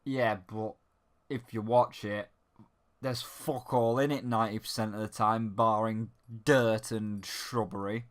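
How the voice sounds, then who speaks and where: A man's voice: on the low side, fairly even intonation, measured pace. A man ranting sarcastically and profanely in a game review.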